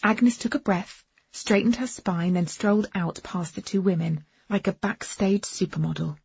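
A woman's voice: mid-range voice, normal speed, creaky, darkish tone, slightly rough, no echo. A woman reading a first-person novel aloud with wry, understated delivery, on a dull, muffled recording. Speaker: audiobook narrator.

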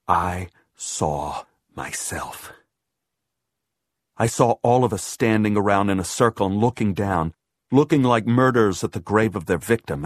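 Low-voiced man narrating horror. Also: husky, dry recording, studio quality. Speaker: audiobook narrator. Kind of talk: first-person horror audiobook narration.

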